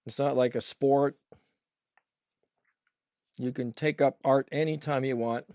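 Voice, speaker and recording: A man's voice: mid-range voice, steady tone, unhurried, darkish tone, dry recording, lo-fi sound. A man teaching a livestream painting demo, chatting with his viewers and asking them questions as he paints. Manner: talks with a brush in his mouth at times. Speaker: art instructor.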